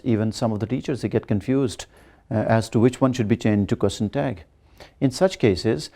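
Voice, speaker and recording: A man's voice: mid-range voice, mellow. Man giving a grammar lecture. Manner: explains slowly, repeats examples, demonstrates rising and falling tones. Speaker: English lecturer.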